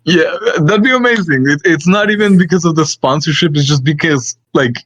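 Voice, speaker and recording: A young man co-hosting a casual podcast, talking haltingly and laughing often. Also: on the high side, fairly bright tone, dry recording. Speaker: podcast co-host. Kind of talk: casual chat. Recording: dull lo-fi dry mic.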